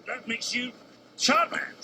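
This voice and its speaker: A man's voice: very high-pitched, slow pace, very noisy. An actor playing a cocky pirate captain who repeats and flips the other man's words aggressively in a film scene. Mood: argumentative. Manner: echoing and flipping questions, aggressive. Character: cocky male pirate captain, quick and argumentative. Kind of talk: film dialogue.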